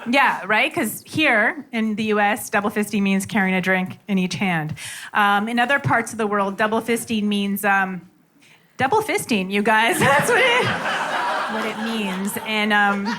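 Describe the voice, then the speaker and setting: A woman doing a stand-up comedy set, telling a story with lots of fillers in an animated, chatty way. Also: medium pitch, unhurried, a little hiss or hum. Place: comedy club stage with audience laughing. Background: audience laughter.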